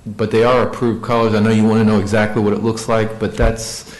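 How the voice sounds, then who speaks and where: A man on a county staff, answering a review board's questions in a meeting, halting and repeating words. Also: fairly low pitch, level tone, a little mellow. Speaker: county staff member presenting. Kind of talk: meeting discussion. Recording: echoey meeting room.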